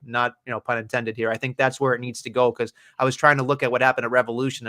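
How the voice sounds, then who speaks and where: A man's voice: medium pitch, a bit bright. A man co-hosting a wrestling podcast, talking in a rambling, profane, casual way with frequent restarts. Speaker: podcast co-host.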